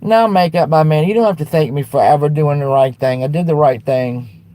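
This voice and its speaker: A woman's voice: deep voice, a little fast. Blunt, profane woman ranting on a livestream. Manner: blunt and profane, with frequent restarts; fired-up and defiant, turning soft when apologizing. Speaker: livestream host. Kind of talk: livestream rant answering chat.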